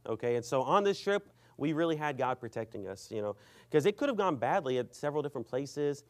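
A man's voice: mid-range voice, very animated, fast talker. A man preaching a sermon and telling a story, rambling and filling his speech with "you know".

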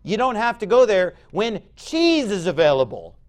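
High-voiced, animated man preaching a sermon. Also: normal speed. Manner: emphatic, conversational preaching with sudden loud bursts. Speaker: pastor.

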